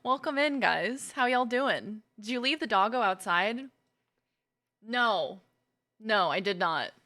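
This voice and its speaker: Bright, bubbly woman streamer. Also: mid-range voice, lively intonation, slow. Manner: chatty and playful, greeting viewers by name. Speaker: gaming streamer. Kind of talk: casual live-stream chat.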